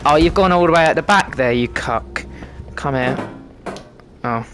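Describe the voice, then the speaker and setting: A man's voice: on the high side, lively intonation, normal speed, a bit bright, faint music behind. A British man giving cheeky, sweary commentary while playing a VR game. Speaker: gamer content creator. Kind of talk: casual gameplay commentary.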